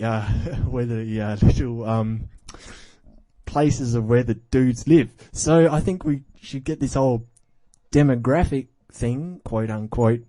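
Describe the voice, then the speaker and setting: A man's voice: medium pitch, mellow, no room sound. Rambling goofy podcast host, man. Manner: rambling, goofy, self-mocking asides. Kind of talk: casual chat between music.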